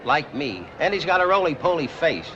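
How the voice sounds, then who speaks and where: A man's voice: a little high, big pitch swings, moderate pace. An actor playing a short, dumpy male police detective who speaks bluntly in street slang, in 1940s film comedy style. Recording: noisy lo-fi old film soundtrack.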